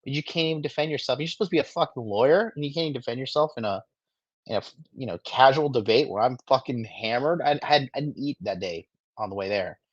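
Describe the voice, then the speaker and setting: A man's voice: mid-range voice, quick pace, no echo, highs cut off. A man giving crude, mocking commentary on video clips in a swaggering, profane way. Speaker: streamer reacting to clips.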